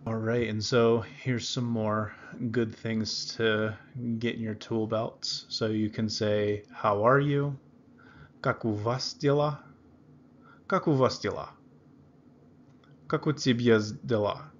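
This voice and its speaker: Slow, careful male language teacher. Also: lowish voice, flat delivery, muffled recording, slight background noise. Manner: slow, repeats words carefully for learners. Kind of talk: beginner language lesson.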